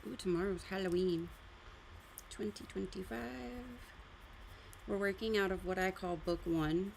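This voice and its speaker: A woman's voice: mid-range voice, measured pace, creaky, a little mellow, a little hiss or hum. A woman hosting a casual live art stream, chatting loosely and explaining her drawing pencils as she goes. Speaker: art livestream host. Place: art studio.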